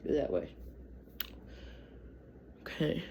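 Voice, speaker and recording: Slow, rambling speaker with a Michigan accent. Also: dark tone, slight background noise. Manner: stumbles over words, gets sidetracked, chatty. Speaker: channel host. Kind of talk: reading history aloud with casual asides.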